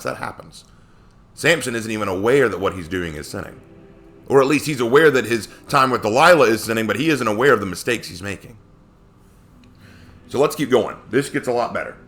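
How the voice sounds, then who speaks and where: A man's voice: mid-range voice, fairly bright tone. A man giving a casual Bible lesson, talking conversationally and asking many rhetorical questions. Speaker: Bible teacher.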